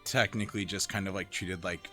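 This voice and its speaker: A man who owns the game shop hosting the stream, chatting in a relaxed, rambling way. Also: deep voice, fairly quick, faint music behind. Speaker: game shop owner and player. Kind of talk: casual chat. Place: indoors in his game shop.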